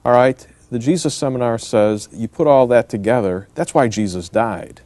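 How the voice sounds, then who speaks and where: A man's voice: mid-range voice, normal speed, darkish tone, no room sound. A middle-aged man hosting an interview, probing his guest with long, set-up questions. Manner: probing, sets up questions at length. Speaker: interviewer host.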